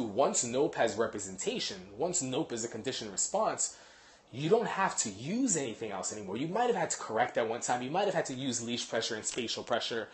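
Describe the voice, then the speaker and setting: A man working as a dog trainer, casually explaining to a live audience in a quick, animated way, full of analogies. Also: medium pitch.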